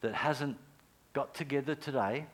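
Speaking unhurriedly in a mid-range voice, a middle-aged pastor tells earnest stories within his sermon. He moves between lively outbursts and hushed, near-whispered prayers.

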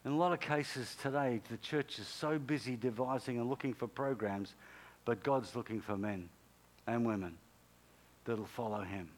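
A man's voice: medium pitch, normal speed. A male pastor preaching a sermon in an emphatic, repetitive way, punctuated by sudden exclamations.

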